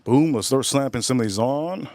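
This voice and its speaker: A man hosting a casual livestream while grilling, rambling and repeating himself, with sudden loud bursts of emphasis. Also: mid-range voice, normal speed. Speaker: livestream host.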